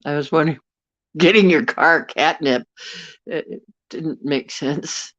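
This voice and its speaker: A woman's voice: sits low, a little slow, a bit bright, no room sound. A woman hosting a livestream from her bedroom, chatting casually and rambling while she reads viewer comments. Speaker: livestream host. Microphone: phone. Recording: dull lo-fi phone audio.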